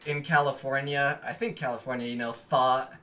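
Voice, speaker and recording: Bright-voiced American guy, jokey. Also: mid-range voice, fairly even intonation, normal speed. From United States. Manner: laughs easily, loose and jokey. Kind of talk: casual chat.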